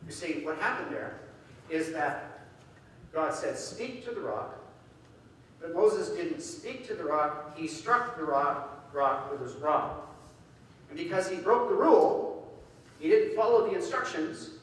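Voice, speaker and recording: A man preaching a sermon in an animated way, acting out quoted voices. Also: on the high side, takes it slowly, pauses often, slight background noise. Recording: echoey hall from far off.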